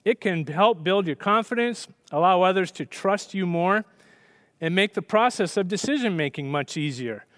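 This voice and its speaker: Guy pastor with a pretty high voice giving a sermon, chatty storytelling, dry close sound. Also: animated, moderate pace, fairly bright tone, dry recording. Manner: storytelling, conversational with many restarts.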